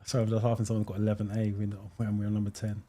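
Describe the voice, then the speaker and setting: A British man hosts a live driving theory stream, casually reading viewer comments, explaining answers, thinking aloud with many ums, and thanking his viewers. His voice is lowish and dark, delivered in a monotone at a racing pace.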